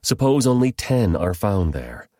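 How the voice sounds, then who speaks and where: A man's voice: lowish voice, big pitch swings, unhurried, dark tone, no echo, clean studio sound. A man reading the lines of a humble, earnest old patriarch who keeps pleading.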